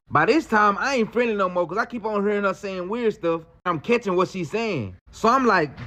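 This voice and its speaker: A man telling a story in a casual, slangy, animated way. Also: high voice, fairly quick, few pauses.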